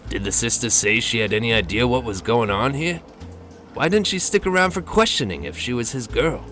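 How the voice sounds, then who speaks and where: A man voicing a gruff, burly male police officer who talks bluntly and crudely. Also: mid-range voice, expressive, brisk, pushed and bright, faint music behind. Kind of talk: audio drama acting.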